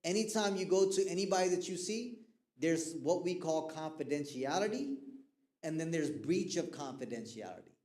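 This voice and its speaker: A man giving a lively lecture to young people in a mosque hall, asking the audience to fill in his words. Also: fairly high pitch, moderate pace. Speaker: guest speaker on mental health. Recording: echoey hall.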